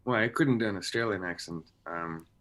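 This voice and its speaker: A man's voice: low voice, a little fast, a bit bright. A man chatting as an actor guest on a video-call interview, rambling with many restarts. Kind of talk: casual interview chat.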